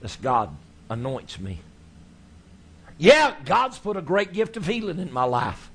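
A man's voice: fairly high pitch, unhurried, slightly rough. Folksy preacher man telling stories. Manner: folksy, animated storytelling. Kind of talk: sermon storytelling.

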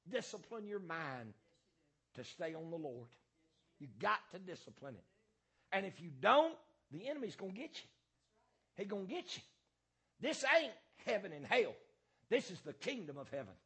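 A man preaching a fiery sermon as pastor, hammering points through repetition and filling pauses with "uh" and "um". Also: sits high, very animated, creaky, bright, forceful tone, husky.

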